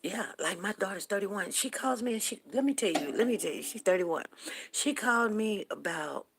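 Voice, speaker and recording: A woman's voice: mid-range voice, animated, normal speed, creaky, noisy background. A woman in her fifties hosting a casual morning talk stream, telling rambling, chatty stories to her viewers. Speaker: morning talk show host. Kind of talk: casual chat on a livestream.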